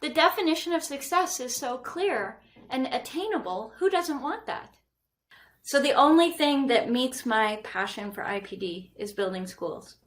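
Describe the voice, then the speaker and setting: A woman, a guest architect talking casually in a podcast interview, animated and quick to laugh. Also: high-pitched. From Canada. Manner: animated, laughs often, playful.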